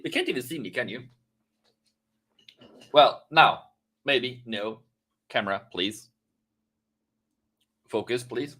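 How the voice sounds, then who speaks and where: A man hosting a live trading stream, commenting on market moves in a playful, jokey way and breaking into excited chanting. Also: mid-range voice, measured pace, long pauses, dry recording, clean studio sound.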